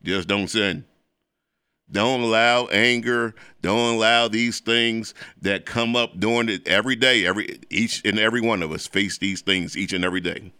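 A man hosting a show as a preacher, delivering an emphatic, repetitive preaching monologue that turns excitable when it moves to sports. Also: on the low side, moderate pace, clear, resonant tone, dry recording, studio quality. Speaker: preacher and host.

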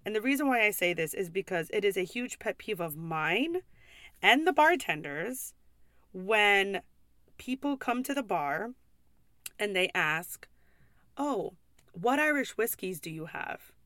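A woman's voice: mid-range voice, expressive, measured pace, sharp tone, dry recording, studio quality. A young woman hosting a podcast, ranting casually and bluntly about customers at the pub where she serves, swearing often and laughing in exasperation.

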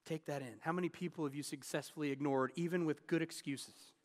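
A man's voice: fairly high pitch, steady tone, brisk, big-room sound. A man in his thirties giving a sermon as pastor, telling personal stories in an earnest, candid way. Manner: earnest, candid storytelling with restarts.

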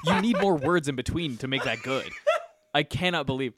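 A man's voice: fairly high pitch, animated, a little fast, heavy background noise. A man co-hosting a casual podcast, exasperated and swearing as he reads aloud. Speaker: podcast co-host. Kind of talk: casual chat.

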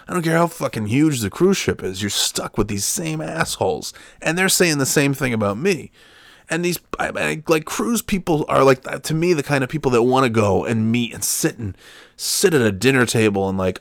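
A man's voice: medium pitch, lively intonation, moderate pace, vocal fry, no echo, clean studio sound. A middle-aged man hosting a podcast from home, ranting in an exasperated, profane way. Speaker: podcast host. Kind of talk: solo podcast rant. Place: home room.

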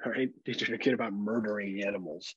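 A young adult man co-hosting a casual podcast, telling animated stories and swearing freely. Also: lowish voice, fast talker, breathy edge, dry recording, muffled recording. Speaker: podcast co-host.

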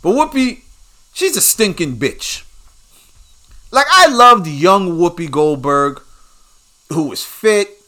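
Podcast host, crude combative ranter, bright forceful voice. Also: male voice, fairly high pitch, very animated, slow pace, long pauses. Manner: crude, combative, swearing freely. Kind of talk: profane rant.

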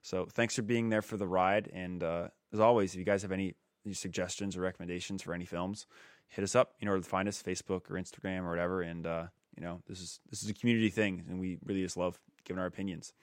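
Male podcast host, low voice, relaxed rambling delivery, dry close sound. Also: fast, no room sound. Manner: relaxed, rambling, swears casually. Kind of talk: casual film podcast chat.

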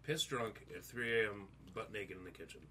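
A man's voice: lowish voice, moderate pace, sharp tone, a little hiss or hum. A man in casual chat, swearing freely and complaining wryly.

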